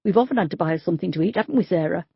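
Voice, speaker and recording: A woman's voice: on the low side, lively intonation, very fast, creaky, husky, no room sound, highs cut off, exaggerated voice. A woman voicing a blunt, gossipy middle-aged street worker, in an audiobook. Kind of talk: audiobook character voice.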